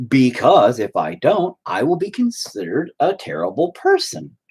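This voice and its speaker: A man's voice: mid-range voice, huge pitch swings, unhurried, darkish tone, breathy edge. A man in a rambling, profane ranting monologue, full of stop-start restarts. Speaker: vlogger.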